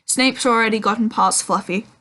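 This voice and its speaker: A woman's voice: on the high side, fairly even intonation, normal speed, bright, forceful tone. A woman reading as a determined young boy wizard. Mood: urgent. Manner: urgent and resolute. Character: determined young schoolboy wizard, leading his friends.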